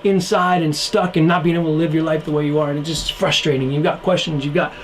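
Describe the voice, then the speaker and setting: A young man with a high voice gives an online youth sermon, earnest and casual, dropping slang and acting out the people in the story. Faint noise sits under the recording. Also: steady tone, fast talker, low-quality recording. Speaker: youth pastor.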